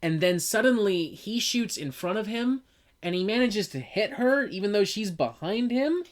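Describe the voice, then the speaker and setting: A woman co-hosting a casual chat, talking in an animated, profane way and mocking what she describes. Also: mid-range voice, normal speed. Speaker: podcast co-host reviewing a film.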